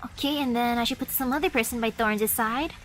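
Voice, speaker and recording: A woman's voice: a little high, brisk, a bit bright, soft background music. A woman streaming a video game, chatting playfully with the characters and reading lines aloud. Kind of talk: casual gameplay commentary.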